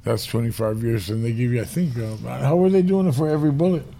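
A man's voice: mid-range voice, quick pace, warm tone. A man telling prison stories in a casual chat, profane and streetwise, rambling from one tale to the next.

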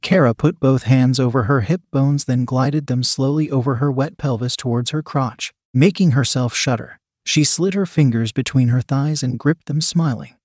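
A man giving a scripted story narration in an even, steady reading voice. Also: medium pitch, normal speed, few pauses, breathy edge, dry recording, studio quality.

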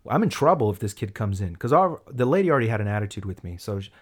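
Chatting casually, a man spins a long, rambling story at a fast clip. He's animated, often slipping into quoted voices that jump in pitch and loudness.

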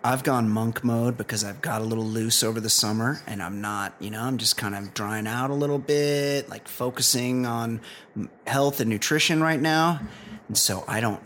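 A man in a middle pitch co-hosts a casual podcast, telling stories with jokey, animated energy. He reads ads in the same easy chat. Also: moderate pace, slight background noise. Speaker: podcast co-host.

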